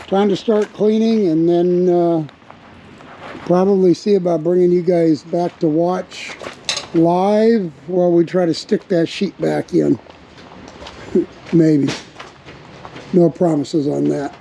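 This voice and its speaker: This RV vlogger has a high voice with a darkish tone, and he chats casually to camera as he guides viewers through every step of a hands-on repair. He works in a workshop area around a vehicle frame. The recording is rough, with slight background noise.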